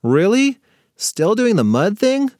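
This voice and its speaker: A man's voice: sits high, sing-song, slow pace, a little mellow, no echo, clean studio sound, voice pushed up, exaggerated voice. A man doing an exasperated big-sister girl. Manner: bossy, exasperated sisterly pleading.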